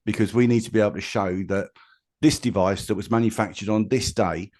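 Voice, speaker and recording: A plain-spoken man from England who tells things straight in a lower voice. He stumbles and restarts often as he talks through his invention and past. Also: steady tone, a little fast, darkish tone. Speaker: inventor guest. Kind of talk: casual interview chat.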